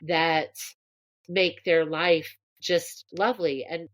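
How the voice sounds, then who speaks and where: A woman's voice: low voice, fairly even intonation, slow pace. A woman co-hosting a podcast, chatting casually and telling a story with gushing enthusiasm. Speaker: podcast co-host. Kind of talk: casual chat.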